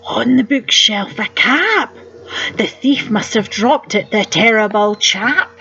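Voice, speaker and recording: Her slightly high, sharp-toned voice moves slowly and animatedly through a rhyming picture book read aloud for children. She gasps and asks the listener questions, and the audio sounds dull.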